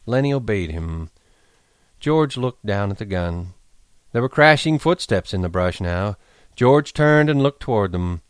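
A man reading a novel aloud in a measured, even storytelling manner. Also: fairly low pitch, dry recording, clean studio sound. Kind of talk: audiobook narration.

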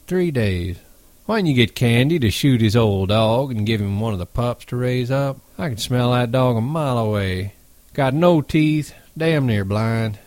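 A man reading aloud and voicing a big, crude ranch hand who talks in a slow, blunt drawl. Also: mid-range voice, darkish tone, no room sound, lightly acted.

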